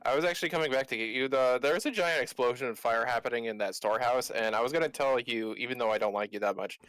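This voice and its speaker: A man playing a tabletop role-playing game and chatting casually in character. His voice is mid-pitched. It sounds close and dry, with no room around it. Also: quick pace, fairly bright tone, smooth, no echo, poor audio. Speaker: player.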